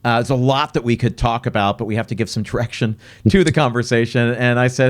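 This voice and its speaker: A man hosting a restaurant podcast in a casual, chatty way, asking his guest questions and sometimes talking in quick bursts. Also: medium pitch, fairly even intonation. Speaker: podcast host. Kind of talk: casual interview talk.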